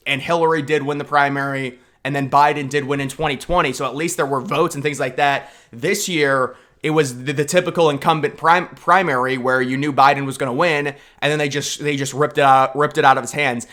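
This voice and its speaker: A man's voice: on the high side, fairly even intonation, fairly quick, few pauses, sharp tone. A man giving a casual, rambling political commentary rant, sarcastic and full of repeats and restarts.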